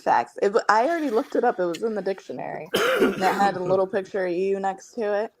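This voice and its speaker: A podcast co-host with a mid-range voice who trades quick, teasing jokes. Her banter stays light and casual. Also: medium pitch, lively intonation, very noisy. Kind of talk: casual comedic chat.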